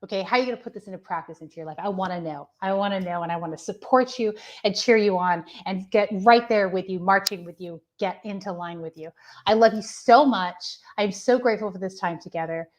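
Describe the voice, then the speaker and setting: Soft-spoken woman doing spirit readings on a livestream, warm and encouraging. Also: mid-range voice, fairly quick. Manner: gentle, affectionate, intuitive. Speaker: spiritual medium giving readings. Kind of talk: live-streamed channeled readings.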